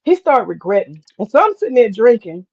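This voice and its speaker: A woman hosts a casual live stream and tells a story, candid and chatty, swearing freely and talking back to the chat. Her voice sits a little high. The sound is dull and lo-fi. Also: sing-song, a little fast, darkish tone. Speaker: host.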